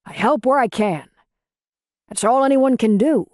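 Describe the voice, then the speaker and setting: Jack, a woman reading a calm small-town bar owner. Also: on the high side, unhurried, dry recording, clean studio sound, voice pushed up, natural voice. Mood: steady. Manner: plain-spoken, reassuring.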